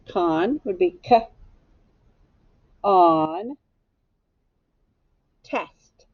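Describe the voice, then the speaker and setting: A woman teacher leading a spelling lesson for young children, sounding out each letter slowly and deliberately. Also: mid-range voice, lively intonation, darkish tone, breathy edge, no echo, muffled recording.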